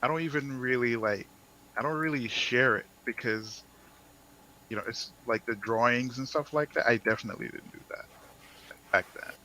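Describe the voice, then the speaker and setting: Bright-voiced Jamaican-born man chatting. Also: medium pitch, moderate pace, a little hiss or hum, rough recording. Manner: laughs loudly and often, loose rambling talk. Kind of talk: casual chat. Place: home, lives in the United States.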